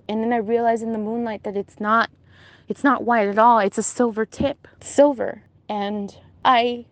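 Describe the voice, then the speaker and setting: A woman's voice: medium pitch, darkish tone. A young woman telling a vivid dream in an intense, emotional, breathless way. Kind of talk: casual storytelling, recounting a dream.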